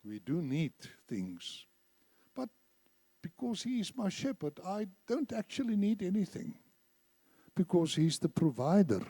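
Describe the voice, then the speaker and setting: A man's voice: sits high, big pitch swings, unhurried, warm tone, slightly rough, dry recording. A man preaching a sermon in a church, emphatic, repeating phrases and leading the congregation in reciting scripture. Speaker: church speaker.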